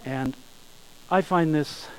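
A man preaching a sermon, emphatic, slowing down and rising in volume on key phrases. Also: on the high side, clear, resonant tone, low-quality recording. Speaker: pastor.

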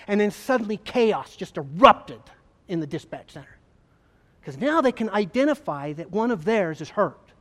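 A man, a former state trooper, gives an emotional personal testimony to an audience, telling it earnestly with halting repeats. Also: high voice, big pitch swings, fairly bright tone. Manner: earnest, halting storytelling with repetitions. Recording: long hall reverb.

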